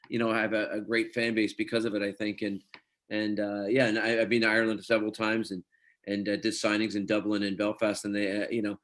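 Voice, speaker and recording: A man's voice: lowish voice, a bit bright. A middle-aged man from Scotland, an actor telling chatty anecdotes in an interview. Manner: chatty anecdotes, quotes others, laughs easily. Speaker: actor guest. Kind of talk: casual interview storytelling.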